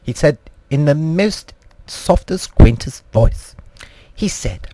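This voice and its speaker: A man's voice: on the high side, animated, slow, dark tone, slight background noise. Man telling a rambling mock-posh tale. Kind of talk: absurd comic storytelling.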